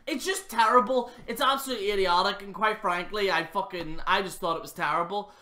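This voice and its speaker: A man's voice: high-pitched, brisk, music in the background. A man hosting his channel, giving a rambling, profane and mocking review of a wrestling show. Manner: swears freely, rambling and mocking. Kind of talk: casual profane review rant.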